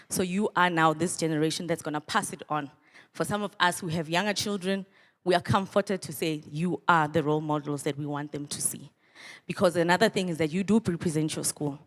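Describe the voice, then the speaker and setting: A woman's voice: fairly low pitch, in a large hall. A middle-aged woman, a social development official giving a motivational speech to students and leading call-and-response chants. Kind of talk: motivational speech to a youth crowd.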